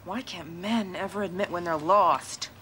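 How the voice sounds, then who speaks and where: A brash, teasing niece. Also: female voice, lowish voice, a little slow, sharp tone. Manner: teasing, forthright. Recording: noisy old TV audio.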